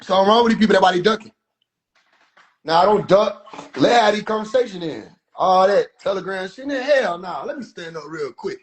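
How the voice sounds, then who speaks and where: A man giving heated, profane, incredulous commentary, often breaking into shouts. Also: high-pitched, expressive, brisk. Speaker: video commentator. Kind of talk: ranting commentary.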